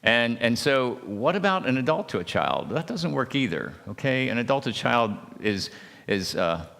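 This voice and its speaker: A man speaking at a church marriage seminar, talking haltingly with many restarts and checking in with his listeners by asking "okay?". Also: mid-range voice, sing-song, gravelly, fairly bright tone. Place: church hall. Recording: long hall reverb.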